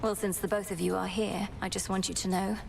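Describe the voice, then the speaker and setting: A woman's voice: mid-range voice, level tone, a little fast, gravelly. A poised young underworld witch. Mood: composed. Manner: poised, polite, slightly formal. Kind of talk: video game voice acting. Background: game music.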